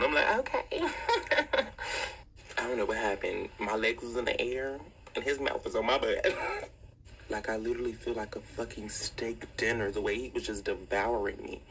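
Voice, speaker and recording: A woman's voice: very deep voice, fairly bright tone, a little hiss or hum, rough recording. A woman telling a raunchy story in a brash, giggly, profane way. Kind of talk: casual storytelling.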